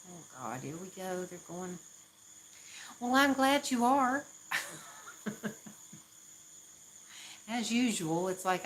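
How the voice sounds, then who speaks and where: A woman's voice: on the low side, a bit bright, slight background noise, rough recording. A woman from the Southern US with a Southern accent, chatting casually on a live stream, laughing often and poking fun at herself. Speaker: livestream host.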